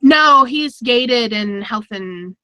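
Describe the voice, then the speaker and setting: A woman's voice: fairly high pitch, expressive, slow pace, crowd noise. A woman hosting a casual online chat show, talkative and laughing often. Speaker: podcast host.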